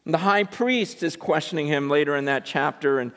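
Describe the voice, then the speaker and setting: A man's voice: a little high, moderate pace, fairly bright tone. A man preaching a sermon in an impassioned, emphatic way, often repeating words as he builds up. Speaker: pastor. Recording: long reverb of a large hall.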